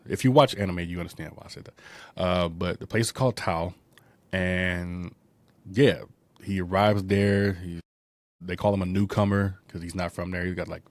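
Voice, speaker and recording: A man's voice: low voice, no echo. A man hosting a casual movie review podcast, rambling through a plot recap with lots of fillers and asides. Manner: rambling, digressive retelling with many fillers; drops into quick character voices while recapping. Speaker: podcast host.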